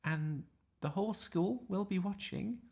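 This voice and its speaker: A man's voice: high-pitched, a little slow, creaky, a little mellow, voice pushed up, exaggerated voice. A man voicing an anxious, fussy mother in a storybook, pleading and fretful.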